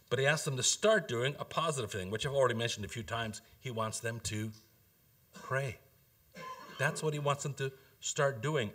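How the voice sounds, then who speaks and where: A man preaching a sermon as pastor, earnest and emphatic, asking rhetorical questions and dropping to a soft, low voice for key points. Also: normal speed.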